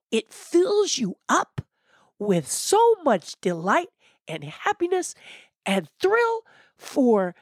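A woman giving an interview, telling inspirational stories in an animated way and repeating words for emphasis. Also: high-pitched, dry recording, studio quality. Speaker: interview guest. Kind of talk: animated motivational storytelling.

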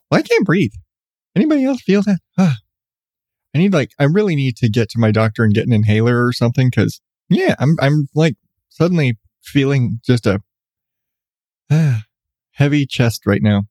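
A man's voice: medium pitch, darkish tone, no echo, studio quality. A congested middle-aged man hosting his own podcast, rambling and joking at himself in a loose late-night chat. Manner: rambling, self-deprecating, restarts often. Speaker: podcast host.

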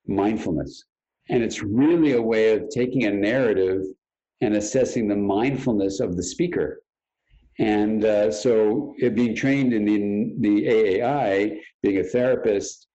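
A man with a low, mellow voice talks as a therapist guest on an interview podcast, spinning long stories and acting out old conversations as he goes. The sound is dull and lo-fi. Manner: animated storyteller who acts out past conversations in quotes. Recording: dull, lo-fi audio.

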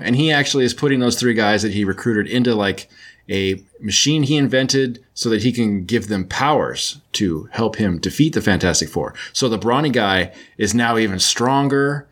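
A man's voice: medium pitch, animated, normal speed, fairly bright tone. A man casually recapping a story in a loose, chatty way, full of filler words. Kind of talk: casual comic book recap.

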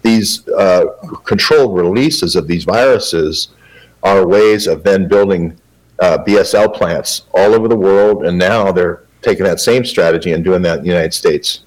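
Deep-voiced man rambling through an interview. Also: moderate pace, poor audio. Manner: rambling, matter-of-fact, filler-heavy. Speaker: guest journalist. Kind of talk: interview answer.

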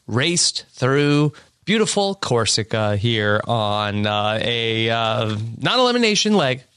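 A man's voice: medium pitch, very animated, slow, a bit bright, clean tone, no echo. Man, podcast host, bantering, upbeat, recording at home, dry close sound. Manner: upbeat, bantering, uses fillers. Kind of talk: casual podcast chat. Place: home apartment.

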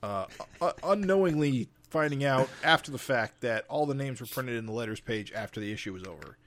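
A man co-hosting a chatty podcast, his voice sitting at an ordinary middle pitch. He talks with frequent hesitant fillers and pauses, then reads a listener letter aloud. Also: lively intonation, a bit bright. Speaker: podcast co-host. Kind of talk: casual chat, reading a listener letter.

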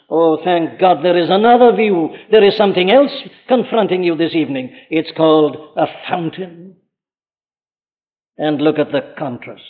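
Older Welsh male preacher, earnest and pressing, higher-pitched, captured on a tinny old recording in a church. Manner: earnest and urgent, with rhetorical questions. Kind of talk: sermon. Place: church pulpit. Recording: phone-like archive recording in a reverberant hall.

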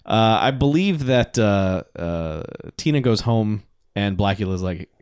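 Animated man recapping a movie. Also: fairly low pitch, unhurried, clean tone, no room sound, clean studio sound. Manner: lively, laughing, acts out quoted characters. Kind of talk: casual movie recap chat.

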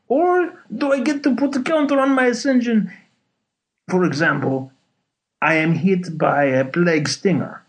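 Hammy mock-Russian letter reader, put on by a man: slow, overdone accent, climbs high in pitch. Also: exaggerated voice.

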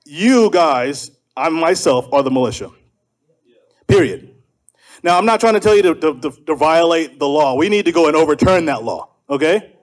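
A man's voice: a little high, expressive, normal speed. A man from South Carolina speaking fervently at a political gathering in a preacher's style, leading the crowd in call and response. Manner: fervent, leads call and response, shouting refrains. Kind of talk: preacher-like speech to a live audience.

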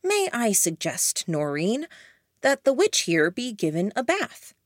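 A woman's voice: fairly high pitch, wildly swooping pitch, unhurried, no room sound, studio quality, voice pushed up, full character voice. A woman voicing a sly, cold-blooded teenage boy in an audiobook, speaking in a cutting, mocking way.

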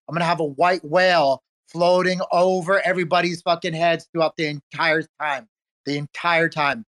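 A man's voice: fairly high pitch, a bit bright. A man, a community event organizer, talking in a hyped, friendly, repetitive way in a casual group audio chat.

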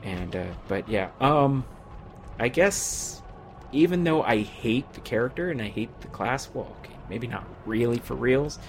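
A man's voice: mid-range voice, expressive, a little slow, soft background music. Chatty man losing his voice. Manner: rambling, chatty, laughs often. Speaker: podcast co-host. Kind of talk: casual gaming podcast chat.

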